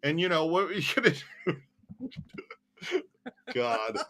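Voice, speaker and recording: A man's voice: high voice, expressive, fast talker, sharp tone. A man co-hosting a casual live-stream chat, joking around and laughing often. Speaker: co-host.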